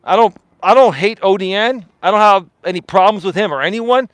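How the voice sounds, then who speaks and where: High-voiced man ranting in a dry room. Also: lively intonation, brisk, no room sound, rough recording. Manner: confrontational, profane, emphatic and repetitive; projects his voice loudly for emphasis. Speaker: live stream host. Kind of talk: heated live stream rant.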